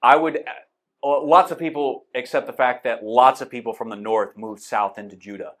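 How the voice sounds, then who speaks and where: A man's voice: medium pitch, steady tone, normal speed. Casual male Bible class teacher, conversational and unscripted, pointing things out on a map. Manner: conversational, explains with a map, many fillers. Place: church classroom.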